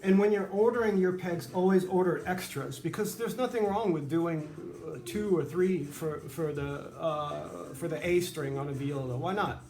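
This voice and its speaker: A violin maker with a fairly high, darkish voice explains his work at a moderate pace with few pauses, in roomy sound. His casual workshop tutorial, set in a humid workshop near the beach, rambles and chats along, full of fillers and asides.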